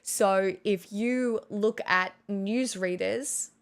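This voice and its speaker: A woman's voice: medium pitch, very slow, smooth. A young woman live streamer chatting casually and rambling at her desk, self-mocking and swearing freely into a good studio mic.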